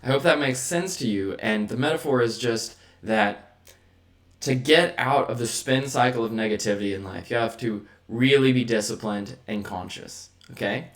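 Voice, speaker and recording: A man hosting a vlog works through a motivational talk, peppering it with rhetorical "right?" check-ins for the listener. His mid-range voice is fairly bright, and he moves at a moderate pace.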